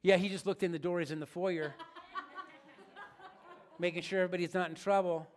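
A man's voice: sits high, fairly even intonation, a little fast, a little hiss or hum. A man preaching a sermon as pastor, in a casual, joking, conversational way.

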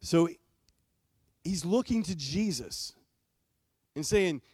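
A male pastor preaches in a church in a relaxed, conversational way. He speaks in a slightly high voice and puts direct questions to the congregation. The sound is close and dry. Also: normal speed, dry recording. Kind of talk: sermon.

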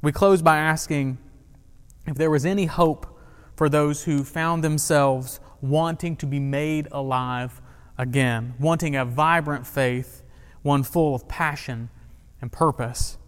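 A man's voice: on the high side, fairly even intonation, slow, clean tone, in a large hall. A man preaching a sermon in a conversational way, with humor and questions to the congregation. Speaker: pastor.

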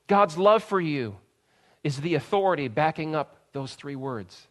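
A man in his thirties, a pastor, preaching a sermon in an earnest way, dropping soft and slow, then rising to loud emphatic bursts. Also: high-pitched, lively intonation.

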